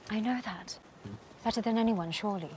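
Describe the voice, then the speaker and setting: An actress playing a young woman in service, earnest and flustered, explaining in a rapid, breathless rush in a period drama. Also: mid-range voice, darkish tone, a little hiss or hum, natural voice.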